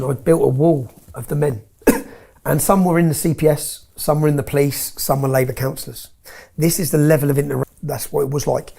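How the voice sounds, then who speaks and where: A man's voice: a little high, gravelly, a little mellow, slightly rough. A man telling stories with emphasis as an interview guest, often tagging his points with "yeah?". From England. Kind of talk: heated interview storytelling.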